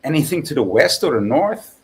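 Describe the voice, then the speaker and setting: A man's voice: fairly high pitch, big pitch swings, a little fast. A man from the Netherlands explaining himself reflectively in a casual podcast chat.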